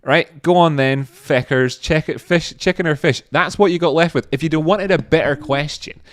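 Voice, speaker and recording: A man's voice: on the high side, normal speed. A Scottish man hosting a livestream in a casual, rambling chat full of fillers. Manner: rambling, laid-back, with frequent fillers. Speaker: livestream host.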